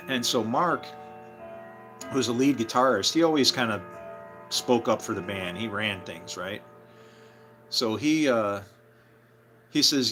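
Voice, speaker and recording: A man's voice: mid-range voice, slow, long pauses, bright, forceful tone, soft background music. A man telling a story from his own life in a casual, rambling way, full of fillers and restarts. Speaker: storyteller, former band member.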